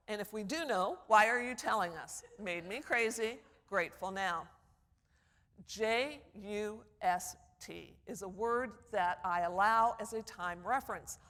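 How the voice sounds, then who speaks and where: A woman teaching public speaking at a conference, lecturing and acting out quoted voices as examples. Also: mid-range voice. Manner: animated, acts out quoted voices. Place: conference hall. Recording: long hall reverb.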